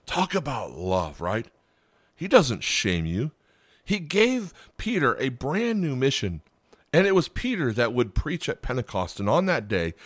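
A man's voice: lowish voice, fairly bright tone, no room sound, clean studio sound. A man preaching a podcast sermon, earnest, repeating key phrases and asking the listener "right?". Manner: earnest, rhetorical tag questions, emphatic repetition. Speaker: pastor.

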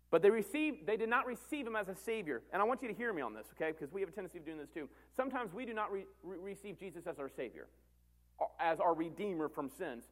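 A man pastor preaching a sermon, animated, swinging between loud emphatic calls and quiet conversational asides. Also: sits high.

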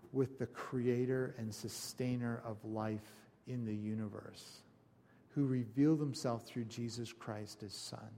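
A man preaching a conversational sermon, telling stories with animated asides to his congregation. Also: mid-range voice. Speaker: pastor. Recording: long hall reverb.

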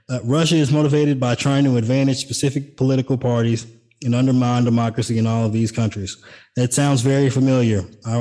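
A man co-hosting a podcast in a loose, casual way. He reads out news items and drops sarcastic jokes in between, with a voice of ordinary middle pitch. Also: mellow. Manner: sarcastic, jokey asides. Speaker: podcast co-host. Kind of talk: casual political chat.

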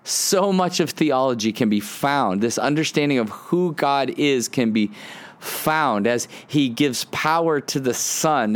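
A man in the middle of a devotional podcast, talking in an earnest storytelling way. He stops and restarts often and leans on fillers as he works through his thoughts. His voice sits at an ordinary middle pitch. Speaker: podcast host and preacher.

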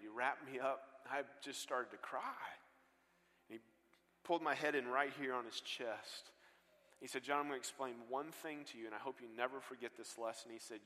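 A man preaching a sermon and telling stories with earnest swings between loud bursts and hushed lines, on a stage mic in a large church. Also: medium pitch. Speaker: guest pastor. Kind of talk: sermon storytelling. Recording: long hall reverb.

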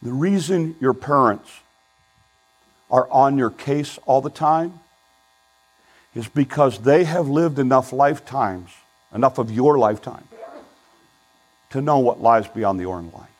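An older man preaching a sermon as pastor, earnest and pleading, swinging between loud emphasis and hushed asides. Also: medium pitch, measured pace, pauses often, rough recording.

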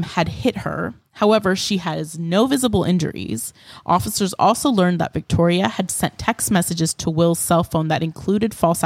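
A woman with a lowish voice walks through a true-crime case in easy, animated chat, filling gaps with ums and likes. The sound is dry and close, with no room around it. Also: vocal fry, no room sound. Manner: animated storyteller with many fillers. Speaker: podcast co-host.

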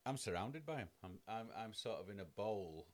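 A man's voice: on the low side, lively intonation, moderate pace. A man, co-hosting a podcast in casual chat, blunt and teasing, swearing freely. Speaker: podcast co-host.

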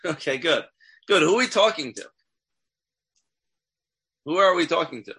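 A man's voice: a little high, expressive, moderate pace, creaky, pushed and bright, slightly rough. A man teaching a text class as a rabbi, asking his students questions and checking in with them often. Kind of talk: interactive Torah class.

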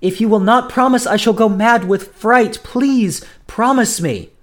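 A man doing a scared young woman from an old storybook, voice pushed up high and wobbly, begging, swoops up and down as she pleads. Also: lively intonation, normal speed, close to an everyday voice. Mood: pleading. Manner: tremulous, pleading.

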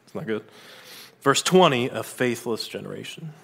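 A man preaching a sermon in a conversational manner, with asides and quick restarts. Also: medium pitch, animated, vocal fry, fairly bright tone, husky. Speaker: pastor.

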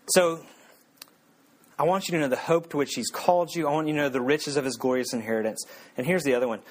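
A young man preaching a casual, joking sermon in a voice of middling pitch. He talks to the room like friends and then pushes up into emphatic passages. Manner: conversational and joking, with sudden emphatic rises. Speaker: pastor.

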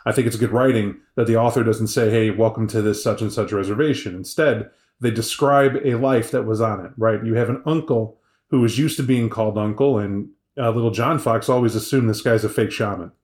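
A man's voice: lowish voice, a little fast, a little mellow, echoey room. A man co-hosting a podcast review, making emphatic points and checking in with "right?" as he goes. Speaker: podcast co-host. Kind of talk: casual review chat.

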